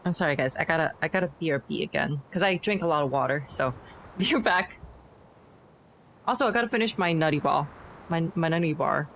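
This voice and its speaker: A woman streaming a game playthrough, chatting excitably and reading game text aloud. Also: low-pitched, fairly quick, slight background noise. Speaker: VTuber streamer. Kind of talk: live game playthrough commentary. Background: game music.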